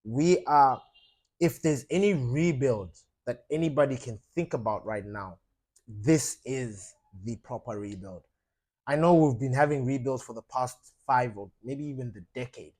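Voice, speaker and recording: A man's voice: medium pitch, measured pace. A man hosting a fan channel, talking passionately about his football club and addressing viewers directly, with lots of fillers and emphatic outbursts. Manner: impassioned, rising to loud emphatic outbursts, frequent fillers.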